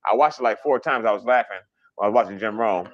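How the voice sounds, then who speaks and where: A man hosting a casual livestream, chatting fast and rambling, swearing freely as he reads viewer comments. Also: on the low side, no room sound, dull audio. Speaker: livestream host.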